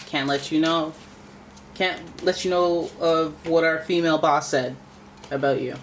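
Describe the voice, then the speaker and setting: Low-voiced woman doing a chatty tarot reading, joking around, faint hiss behind. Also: steady tone, a little slow. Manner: chatty, playful, talks to the cards. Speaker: tarot reader.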